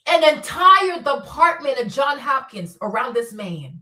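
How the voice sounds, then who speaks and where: High-voiced woman ranting in an echoey room. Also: unhurried, few pauses, far from the mic. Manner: animated, profane, swings between loud outbursts and mutters. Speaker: livestream host. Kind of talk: casual unscripted commentary. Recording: roomy echo, voice a bit off-mic.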